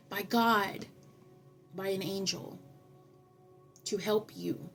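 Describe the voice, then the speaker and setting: Woman in a mid-range voice reads tarot cards, earnest and sermon-like, with drawn-out dramatic pauses. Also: medium pitch. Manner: earnest, preachy, speaks in repeated affirmations. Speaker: tarot reader. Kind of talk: spiritual tarot reading.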